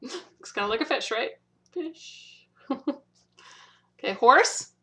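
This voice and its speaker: Her voice a little high and sharp with lively intonation, a woman teaches sign language in a video lesson. She works patiently, showing each sign slowly, repeating the words, and frequently asking "okay?".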